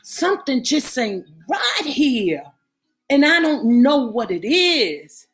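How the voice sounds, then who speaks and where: Brief: woman reading as an anguished adult man lover, very slow, pleading, faint music under it. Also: sits high, very animated, pitched above the performer's own voice, exaggerated voice. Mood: distraught. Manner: emotional, pleading, breaking into cries. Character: distraught grown man lover, pleading and prayerful. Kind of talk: audiobook reading of a novel.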